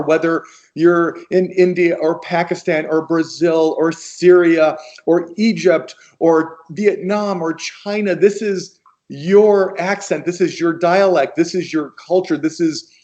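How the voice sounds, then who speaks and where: An American man speaking as a guest on a video call, talking in a slow, gentle and encouraging way. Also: fairly high pitch, muffled recording. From United States.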